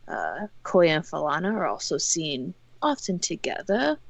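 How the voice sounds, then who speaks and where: A woman's voice: low voice, wildly swooping pitch, unhurried, vocal fry, no echo. A woman running a tabletop role-playing game, narrating with many hesitant fillers. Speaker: game master.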